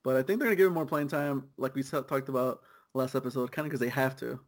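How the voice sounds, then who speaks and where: A young man co-hosting a soccer podcast, chatting casually and riffing with easy laughs. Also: medium pitch. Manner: laid-back, quick riffing with laughs. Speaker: podcast co-host.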